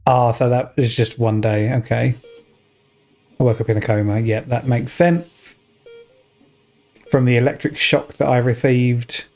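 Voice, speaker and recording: A man's voice: medium pitch, fairly even intonation, measured pace, pauses often. A man streaming a game, reading its text aloud and reacting in a casual, wry way. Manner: casual, wry, reads choices out loud.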